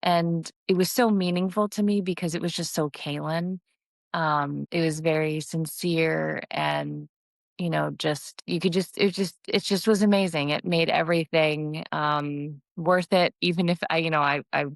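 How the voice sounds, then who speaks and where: A woman's voice: sits low, fairly even intonation, normal speed, gravelly, no room sound. A middle-aged woman hosting her own podcast, talking candidly in a rambling, casual way and swearing freely. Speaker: podcast host. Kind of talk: casual solo podcast monologue.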